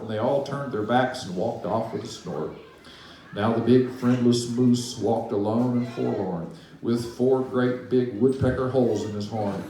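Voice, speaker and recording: A man's voice: mid-range voice, measured pace, dark tone, slight background noise. A man speaking at a ministry meeting, reading a rhyming children's book aloud with a storytelling rhythm. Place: meeting room. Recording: echoey hall, distant mic.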